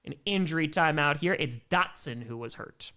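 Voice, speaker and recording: Bright excitable male sports streamer. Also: a little high, moderate pace. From Milwaukee, Wisconsin. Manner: excitable play-by-play, reads viewer messages. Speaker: host. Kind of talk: live game commentary and chat.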